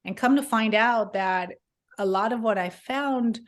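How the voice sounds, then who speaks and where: A woman's voice: fairly high pitch, a little slow. A middle-aged woman from Southern California, an author telling her personal faith story in an interview, earnest and rambling, with many restarts. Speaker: author guest.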